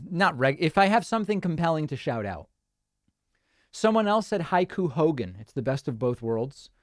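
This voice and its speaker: A man's voice: fairly high pitch, no echo. Wry male livestream host, dry close mic. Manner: wry, dry humor, chatty asides. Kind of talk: casual livestream commentary, reading viewer chat.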